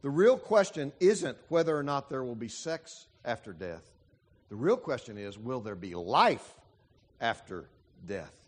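A man preaching a sermon as a pastor, emphatic and full of dramatic pauses. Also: mid-range voice, sing-song.

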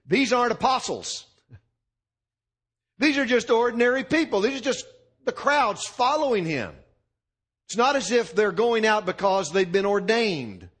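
A man's voice: high-pitched, fairly bright tone. A male pastor preaching a sermon to a congregation with emphatic, punchy delivery and repeated lists.

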